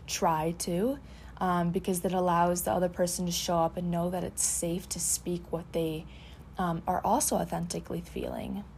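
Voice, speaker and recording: A woman's voice: lowish voice, darkish tone, slight background noise. A woman hosting a casual podcast, talking in an earnest, heartfelt way about communication and boundaries. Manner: earnest, repetitive, heartfelt phrasing. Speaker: podcast host. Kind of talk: casual reflective chat.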